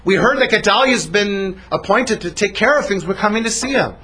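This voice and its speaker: Casting: man voicing grieving travelers, plaintive, husky. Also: sits high, animated, brisk, pushed and bright, voice pushed up, exaggerated voice. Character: grieving group of male travelers.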